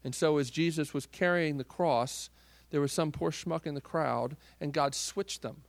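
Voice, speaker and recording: A man preaching a sermon, swinging from loud, forceful declarations to hushed, near-whispered lines. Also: fairly high pitch, moderate pace, vocal fry, dry recording. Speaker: pastor.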